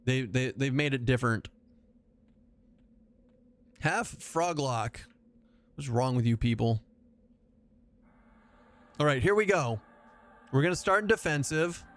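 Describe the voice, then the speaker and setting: A man's voice: medium pitch, animated, slow pace, long pauses. A man live-streaming a game, chatting loosely with his viewers. He jokes around, swears casually and rambles from one aside to the next, in a mid-range voice. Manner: joking, profane, rambling asides. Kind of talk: casual livestream chat while gaming.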